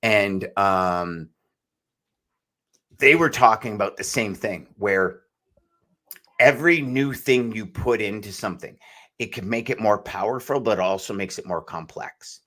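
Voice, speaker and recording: A man's voice: fairly low pitch, unhurried, a bit bright. A man co-hosting a podcast, talking in a loose, rambling way and calling his co-host "brother". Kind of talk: casual podcast chat.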